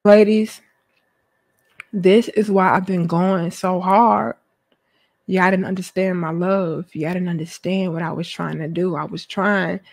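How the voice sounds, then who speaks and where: A woman hosting a live stream, reacting to her chat with dramatic, theatrical despair and swinging between shouted pleas and low mutters. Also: steady tone, unhurried, gravelly, dry recording, studio quality. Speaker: livestream host.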